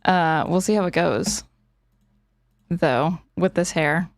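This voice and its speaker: A woman's voice: fairly low pitch, slow pace, no echo, studio quality. A young woman streaming casual commentary, sarcastic and often laughing.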